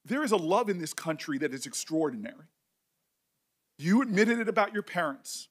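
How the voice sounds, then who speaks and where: A man's voice: sits high, sing-song. A middle-aged man, a senator, speaking with emotion and passion at a hearing, often restarting his words. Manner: emotional, impassioned, halting restarts. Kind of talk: speech at a hearing.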